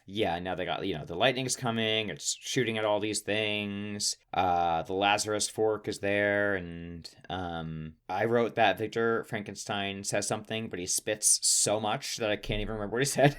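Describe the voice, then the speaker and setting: A man's voice: fairly low pitch, moderate pace, hardly any pauses, a bit bright, clear, resonant tone. A man co-hosting a podcast, chatting casually through a film recap, rambling and laughing often. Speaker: podcast co-host. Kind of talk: casual movie recap chat.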